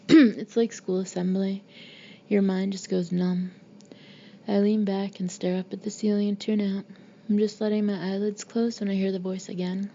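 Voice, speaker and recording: A woman's voice: medium pitch, gravelly, mellow, slight background noise. A woman narrating a first-person audiobook in an intimate, often half-whispered way, on a slightly dull recording.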